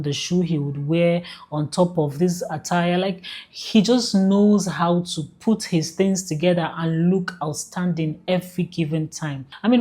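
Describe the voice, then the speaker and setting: A woman with a low, warm voice speaks straight to camera, offering casual dating advice to the viewer in a direct, conversational manner.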